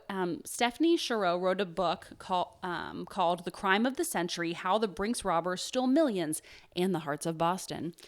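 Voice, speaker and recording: A chatty woman with a slightly low voice tells a true crime story on a casual podcast. She jokes around, fills gaps with "um" and "like", and reads quotes and numbers from her notes. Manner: chatty, jokey, lots of "um" and "like".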